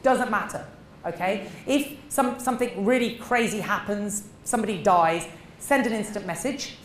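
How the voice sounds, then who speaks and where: A middle-aged woman, a dentist giving a seminar talk, animated and emphatic, acting out short exchanges. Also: medium pitch, moderate pace. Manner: animated, acts out little dialogues, emphatic. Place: seminar room. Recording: echoey room with faint noise.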